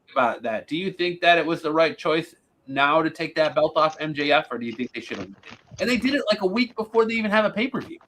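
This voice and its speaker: A man's voice: a little high, animated, fast, a bit bright, low-quality recording. A man hosting a casual wrestling podcast, blunt and opinionated, swearing now and then. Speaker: podcast host.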